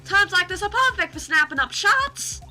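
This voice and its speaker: A woman plays a nosy, brash photographer, putting on a southern drawl in an exaggerated, extremely high voice pitched above her own. She sounds expressive, bright and forceful at a moderate pace, with faint music behind her.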